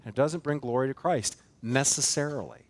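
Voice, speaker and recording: A man's voice: mid-range voice, brisk. A man preaching a sermon as pastor of a church, earnest and emphatic, building force through repeated phrases and rhetorical questions. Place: church sanctuary.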